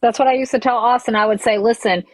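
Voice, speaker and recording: Brief: lively mom storyteller, woman with a higher pitch, dry close sound. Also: rapid-fire, no room sound, rough recording. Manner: animated storyteller, acts out dialogue. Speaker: mother of a young child. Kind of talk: casual group chat.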